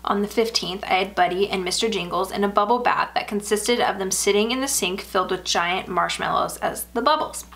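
A woman narrating a first-person horror story aloud in an even, measured way. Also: medium pitch, vocal fry.

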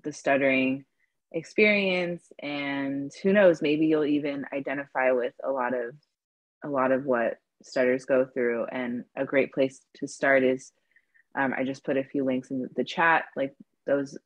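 Low-voiced woman who stutters. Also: fairly even intonation, a little slow, dry recording. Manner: stuttering, with repeated words and restarts. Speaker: stuttering advocate, panelist. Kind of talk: online panel discussion.

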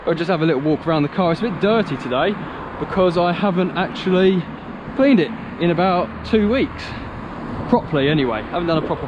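A man's voice: a little high, quick pace, muffled recording, background noise. A young man filming a casual vlog on a handheld phone, chatting to his viewers in a rambling way and calling them guys. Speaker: vlogger. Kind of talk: casual vlog chat to camera. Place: home, then outdoors by a car.

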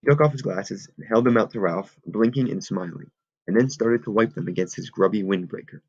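A man reads a novel aloud in a steady, measured way. His voice is low with a gravelly fry, and the recording sounds dull and lo-fi. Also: no echo. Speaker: audiobook reader.

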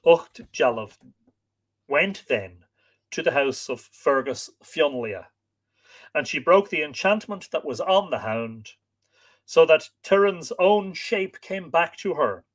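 A man's voice: fairly high pitch, expressive, takes it slowly. A man, host of a live stream, reading an old story aloud and chatting with viewers between passages.

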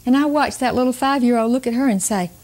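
An older woman teaching about parenting, telling family stories to an audience in a slow, emphatic way with chuckles. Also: on the high side, background noise. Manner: warm storytelling, slow emphatic delivery with chuckles. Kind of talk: storytelling talk to an audience.

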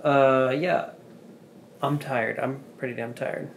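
A man's voice: mid-range voice, fairly even intonation, takes it slowly, gravelly. A young man chatting casually as he vlogs his travels, joking and rambling between meals and sights. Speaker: travel vlogger. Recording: handheld camera with ambient noise.

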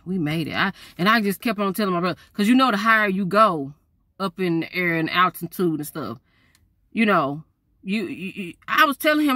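A woman, telling a story to her viewers in a chatty, animated way. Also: mid-range voice, dry recording, studio quality. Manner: lively, chatty, talks straight to viewers.

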